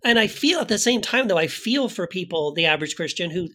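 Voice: mid-range voice, animated, fast, a bit bright. Rambling panel host. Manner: rambling, restarts, asks questions. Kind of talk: panel conversation.

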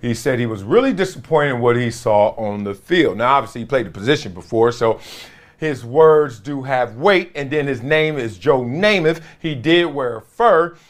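A man's voice: medium pitch, animated, normal speed. A man, a former pro football player, hosting a sports talk show in a blunt, slangy, laughing way.

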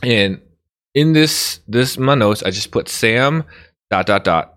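A young man co-hosting a casual podcast chat, animated and laughing often as he goes off on tangents. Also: mid-range voice, slow pace, dry recording, studio quality. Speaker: podcast co-host.

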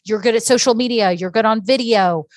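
A woman's voice: a little high, fairly quick, no room sound, studio quality. A woman hosting a podcast and coaching business owners, talking in an effusive, gushing way. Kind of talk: casual interview chat.

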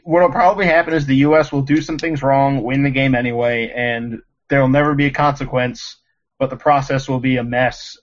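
A man's voice: medium pitch, lo-fi sound. A man co-hosting a casual sports podcast, rambling with lots of ums and an exasperated tone. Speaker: podcast co-host.

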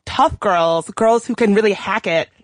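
A woman's voice: medium pitch, measured pace, no echo. A woman talking candidly on a podcast in a chatty, casual way. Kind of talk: casual interview chat.

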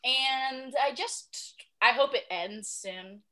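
A woman appearing as a guest on a podcast, chatting casually in an animated, playfully dramatic way. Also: high voice, slow.

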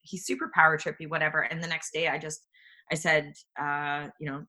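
A woman in her forties, an actress telling candid stories in conversation, animated, with frequent restarts. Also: low-pitched, brisk. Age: 40s. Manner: animated, restarts often, acts out quoted people. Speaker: actress guest.

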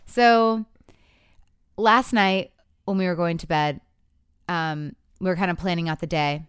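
A woman's voice: on the low side, unhurried, clear, resonant tone, no room sound, studio quality. A woman in her thirties telling a couple's story in candid chat, acting out the quotes as she goes. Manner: animated storytelling with voiced quotes.

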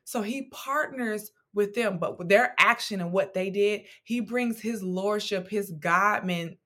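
Bright-voiced woman teaching scripture casually. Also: mid-range voice, a little slow. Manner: conversational and animated, with slang and playful asides. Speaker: podcast host teaching scripture.

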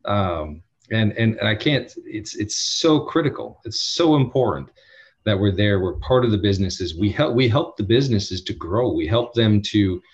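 A husky man with a low voice speaks as a podcast guest, earnest and emphatic, often restarting his sentences as he works through a point. The recording has a dull, lo-fi sound. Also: expressive, normal speed. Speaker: internal audit executive, podcast guest. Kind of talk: interview answers.

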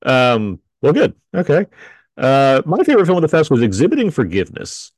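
A man hosting a film podcast, chatting in a relaxed, hedging way and chuckling often. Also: mid-range voice, brisk, no echo. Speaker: podcast host. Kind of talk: casual podcast chat.

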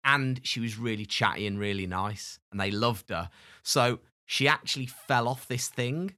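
Bright-voiced chatty podcast co-host man. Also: mid-range voice, normal speed. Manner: chatty, laughing, storytelling. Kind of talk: casual chat.

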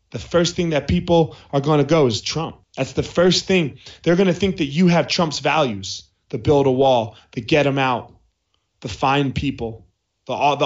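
Higher-voiced man, easygoing podcast monologue recorded at home, slightly muffled lo-fi sound. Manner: conversational storytelling, repeats points for emphasis. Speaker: podcast host. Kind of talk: casual monologue. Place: his house.

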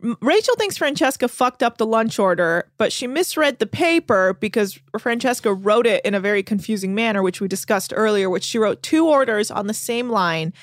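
A woman's voice: a little high, normal speed, few pauses, no room sound, studio quality. A woman hosting a podcast, telling stories in casual chat, swearing freely and acting out quotes. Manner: animated storytelling, swears freely, acts out quotes. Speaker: podcast host recapping a reality show.

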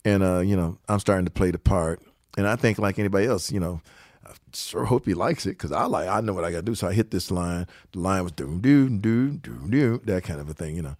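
A man's voice: sits low, quick pace, a little mellow, no echo. An older man from Detroit, a session guitarist, telling studio stories in a casual interview, laughing often and acting out other people's lines.

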